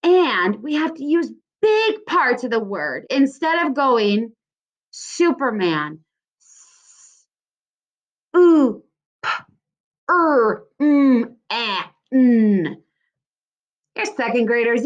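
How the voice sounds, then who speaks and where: With a fairly high voice and the highs cut off in the recording, a woman teaching second grade delivers a lesson to young children. She draws out her syllables in a sing-song manner.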